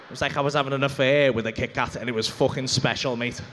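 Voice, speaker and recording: A young man with a Liverpool accent telling a rambling, swearing, animated story as a stand-up comedian on a club stage. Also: medium pitch, fast, a little hiss or hum. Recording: reverberant comedy club hall.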